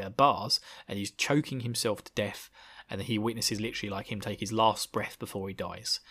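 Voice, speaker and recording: A man hosting a podcast, recapping a book in an animated, slangy, laughing storytelling manner. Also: fairly low pitch. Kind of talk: casual chat.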